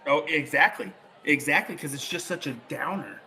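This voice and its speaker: A man's voice: a little high, normal speed, a little hiss or hum. Chatty man calling darts. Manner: relaxed, chatty, laughs easily. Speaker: darts commentator. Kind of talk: live sports commentary.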